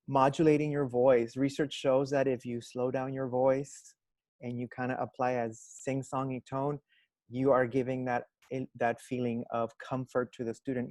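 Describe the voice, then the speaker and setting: A man's voice: mid-range voice, darkish tone, no echo. Earnest teacher guy explaining stuff on an online panel, dry close sound.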